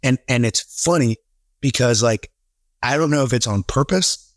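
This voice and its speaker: A man in a casual podcast conversation, telling stories with animated quoted voices. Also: medium pitch, normal speed, no echo, clean studio sound. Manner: animated storyteller, acts out quotes. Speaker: real estate team leader, podcast guest.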